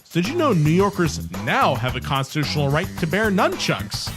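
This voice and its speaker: A man co-hosting a podcast, blunt and animated, swearing freely in casual political chat. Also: on the high side, a little fast, music in the background. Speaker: podcast co-host.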